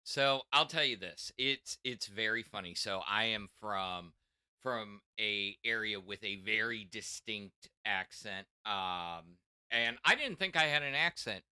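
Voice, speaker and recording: A man with a Wisconsin accent softened by Texas hosts a casual livestream, speaking slowly and haltingly. His voice is bright and smooth. The sound is dry and close. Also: on the low side, expressive, no room sound. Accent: Wisconsin mixed with Texas. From Wisconsin, US Midwest. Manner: slow, halting, hesitant with many restarts. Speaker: stream host reading donations.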